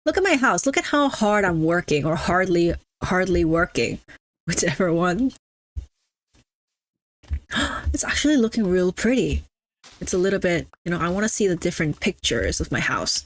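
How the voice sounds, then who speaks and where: A woman's voice: on the low side, lively intonation, normal speed. A young adult woman streaming a game, chatting casually and teasing her chat with mock-snobby banter. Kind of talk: casual live-stream chatter while gaming.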